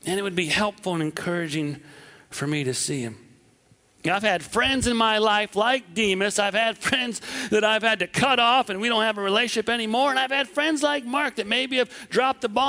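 A man from southwest Wisconsin preaching a sermon, animated and acting out the voices he quotes. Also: sits high.

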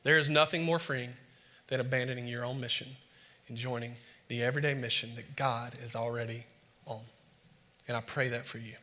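A man from the States, preaching a sermon as an animated, self-mocking storyteller before a live audience. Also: mid-range voice, a little fast, big-room sound. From Southern United States.

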